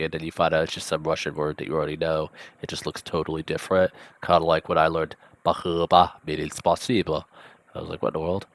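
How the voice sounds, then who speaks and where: A man with a low voice teaches a language lesson in an easygoing, conversational way, often pausing with ums and thinking aloud. The recording is close and dry, with little room sound. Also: smooth, no echo. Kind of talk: casual vocabulary lesson.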